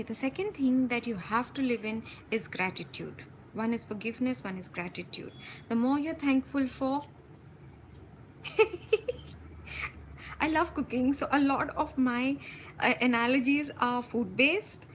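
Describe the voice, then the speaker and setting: A woman hosting a spiritual live stream from home, talking passionately and intensely, speeding up when excited and laughing often. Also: on the high side, measured pace, slight background noise, low-quality recording. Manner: frequent laughs and warm endearments. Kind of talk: live-stream talk to viewers.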